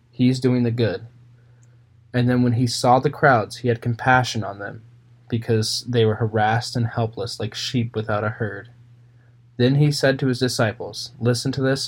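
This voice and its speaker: A man's voice: mid-range voice, darkish tone. A man reading Bible passages aloud, then explaining them in plain, casual words with fillers and small restarts. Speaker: Bible reader and commentator. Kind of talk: casual scripture reading with commentary.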